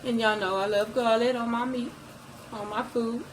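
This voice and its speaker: A woman's voice: a little high, fairly even intonation, normal speed, slight background noise, low-quality recording. A woman giving a casual cooking demo from her home kitchen, chatting to viewers as she adds each ingredient. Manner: chatty, addresses viewers as "you guys"; repeats ingredient names as she adds them. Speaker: cooking vlogger.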